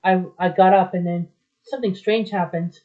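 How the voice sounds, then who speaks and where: A woman retelling a story aloud in a rambling, halting way, with many restarts. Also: fairly low pitch, steady tone, mellow. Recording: dull lo-fi recording.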